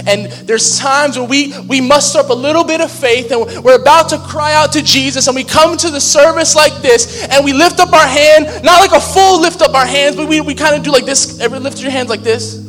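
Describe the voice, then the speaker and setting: A man's voice: very high-pitched, brisk, few pauses, a bit bright. A man, a pastor, preaching a sermon in a conversational, humorous way in a large church hall. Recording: long hall reverb with faint music.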